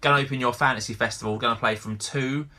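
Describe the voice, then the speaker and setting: A man hosts a podcast and briskly steers the running order between his guest's answers. His voice is bright and forceful, at an ordinary middle pitch. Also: fairly even intonation. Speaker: podcast host. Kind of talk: casual chat.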